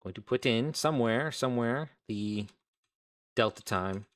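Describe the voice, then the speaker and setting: Coding live on stream, a man rambles through his game development, cutting himself off mid-thought. He has a mid-range voice and keeps a measured pace in this casual commentary.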